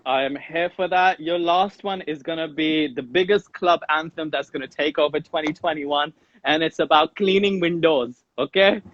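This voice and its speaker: A man's voice: a little high, normal speed, no room sound, highs cut off. Upbeat teasing male podcast host. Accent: Indian English. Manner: upbeat, teasing, counts down loudly. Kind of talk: playful challenge game in an interview.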